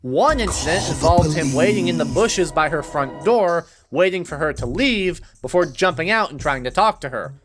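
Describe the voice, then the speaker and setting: A man's voice: a little high, animated, moderate pace, few pauses, over loud music. A man reading scripted video narration, breaking in with sarcastic, mocking asides.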